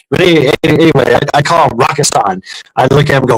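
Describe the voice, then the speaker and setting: A man's voice: medium pitch, racing, no echo, poor audio. A middle-aged man chatting casually, telling rambling stories with lots of swearing and restarts. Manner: profane, rambling storyteller with many restarts. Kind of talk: casual chat.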